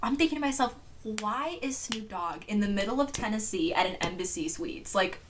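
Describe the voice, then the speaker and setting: A young woman on a podcast, telling a story in casual chat, animated and full of filler words. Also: mid-range voice, fairly quick, slight background noise. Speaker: podcast co-host.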